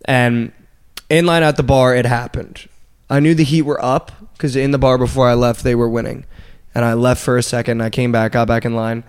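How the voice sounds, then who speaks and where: A young man co-hosting a podcast, chatting casually and telling stories in animated bursts, swearing freely. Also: medium pitch, normal speed, clear, resonant tone. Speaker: podcast co-host. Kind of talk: casual sports chat.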